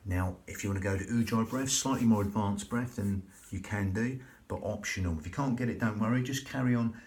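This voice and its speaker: Slow, soothing low-voiced man. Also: darkish tone. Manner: slow, soothing, repetitive guidance. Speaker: yoga and breathing instructor. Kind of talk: guided relaxation instruction.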